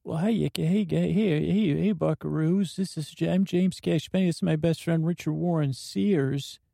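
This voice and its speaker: A man's voice: on the high side, normal speed, gravelly, warm tone, no room sound, studio quality, voice pushed up. A man voicing a goofy, eager grown man with a folksy, chirpy manner in an improvised comedy scene. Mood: chirpy host. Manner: folksy, chirpy, says buckaroos and bucko.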